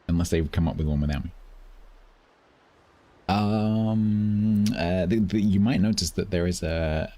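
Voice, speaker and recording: A man with a very low, husky voice talks through a game on a live stream. He jokes in a dry way and explains patiently, restarting his sentences often. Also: a little mellow. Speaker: streamer teaching a new player. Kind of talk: casual gaming stream chat.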